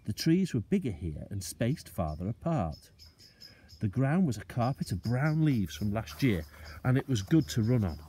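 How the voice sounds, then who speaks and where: A male teacher reading a children's book aloud, expressive and slowing down for suspense. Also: mid-range voice, a little hiss or hum.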